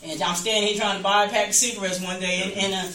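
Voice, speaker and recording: A woman's voice: medium pitch, fairly even intonation, quick pace, bright, forceful tone, slight background noise. A woman minister teaching a church class in a loose, conversational way, often repeating herself and acting out the voices she quotes. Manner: talks informally, repeats and restarts phrases, acts out quoted voices. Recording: echoey room, distant mic.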